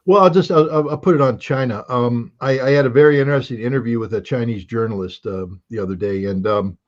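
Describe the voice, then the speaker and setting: A man as a guest in casual political talk, animated, restarting often with many fillers. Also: medium pitch, quick pace, highs cut off.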